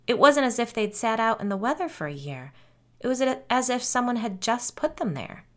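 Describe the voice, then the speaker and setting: A woman narrating a scripted horror story in a measured, suspenseful way. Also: a little high, very animated.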